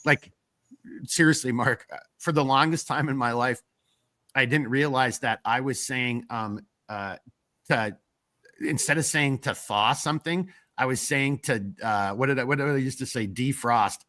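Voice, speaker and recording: Northern us guy hosting a live stream, bright pushy voice, rambly and blunt, swears a lot, dry close sound. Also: medium pitch, moderate pace, dry recording. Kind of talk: casual live stream chat, reading viewer comments.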